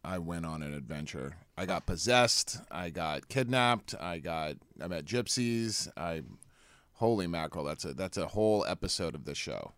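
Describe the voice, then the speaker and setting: A man guest telling stories in a casual studio chat, animated. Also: deep voice, moderate pace, dry recording. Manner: animated storyteller.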